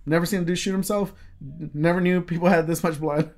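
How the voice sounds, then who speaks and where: A man's voice: sits high, fairly even intonation, brisk, darkish tone. A man telling a story in casual chat, rambling with lots of fillers and swearing freely.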